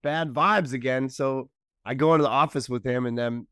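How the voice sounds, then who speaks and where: A male comedian and podcast co-host telling a story in casual chat, animated and laughing as he acts out the dialogue. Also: medium pitch, moderate pace, smooth, no echo, studio quality.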